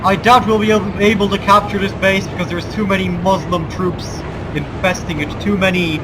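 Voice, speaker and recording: Over loud game sounds and vehicle noise, a let's play gamer from the Balkans talks in a forced American accent, his high voice fairly even in intonation at normal speed with few pauses. His commentary swings between mock-epic war speeches and dry asides.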